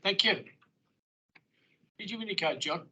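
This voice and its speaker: A man chairing a formal board meeting, brisk and plain-spoken, with joking asides. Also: sits high, expressive, sharp tone, low-quality recording.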